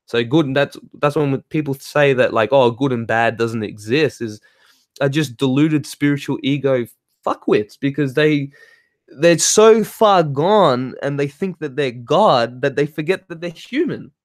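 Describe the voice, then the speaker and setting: A man's voice: on the high side, a little slow, dry recording, studio quality. A man ranting heatedly in casual talk, swearing and laughing as he reads and answers comments. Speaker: spiritual talk host reading chat.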